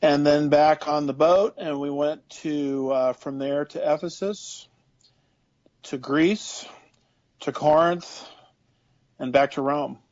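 A man's voice: a little high, steady tone, slow pace, pauses often, a little mellow, dry recording. A man speaking as a guest Bible teacher in a broadcast discussion, earnest and explanatory, often saying "you know". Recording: dry, slightly dull lo-fi sound.

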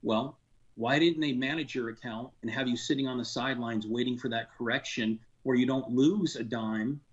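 A man's voice: medium pitch, fairly even intonation, moderate pace, dull audio. A man, a former industry insider, talking casually and earnestly on a radio show, frustrated, with many fillers and restarts. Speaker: financial advisor guest.

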